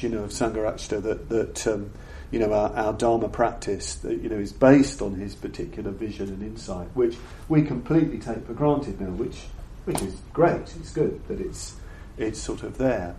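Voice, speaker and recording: An older man gives a reflective Buddhist dharma talk to an audience, speaking haltingly and thoughtfully and often repeating words as he searches for the right phrasing. His voice is lowish and dark in tone, with lively intonation. The recording has a roomy echo and faint background noise.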